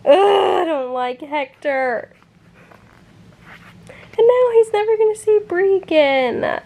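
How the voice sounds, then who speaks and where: A woman's voice: extremely high pitch, expressive, slow, dark tone. A young woman talking casually as a book vlogger, emotional, with frequent sighs and fillers. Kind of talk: casual reading vlog reactions.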